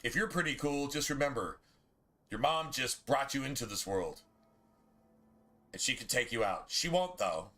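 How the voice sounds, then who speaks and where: A man's voice: mid-range voice, expressive, normal speed, long pauses, bright, forceful tone, faint music behind. A man streaming a video game, chatting in a rambling, laid-back and profane way. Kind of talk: casual gameplay commentary.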